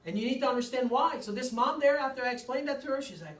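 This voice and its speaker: A man with a very high-pitched, somewhat bright voice talks fast while giving a chiropractic seminar to a live crowd, emphatic and full of rhetorical questions and repetition. The room echoes and the mic is distant.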